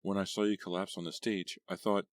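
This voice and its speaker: A man voicing an intense, possessive teenage girl who talks low and whispery. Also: little pitch movement, brisk, no echo, studio quality, natural voice. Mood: intense clingy.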